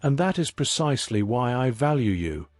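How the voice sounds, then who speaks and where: A man's voice: medium pitch, big pitch swings, moderate pace, no echo, soft background music, lightly acted. A man reading the lines of a silken-voiced, unsettling older male politician in a scripted story. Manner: silken, smooth.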